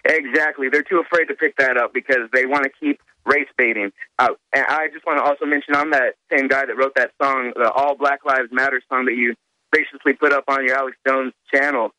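Hesitant male radio caller, bright voice. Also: medium pitch, steady tone, brisk, no room sound, rough recording. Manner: hesitant, with frequent fillers. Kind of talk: phone-in talk radio call.

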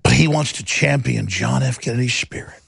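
Gravelly, ranting man. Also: mid-range voice, moderate pace, a bit bright, no echo. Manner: combative, ranting, sarcastic. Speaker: talk show host. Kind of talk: political commentary monologue.

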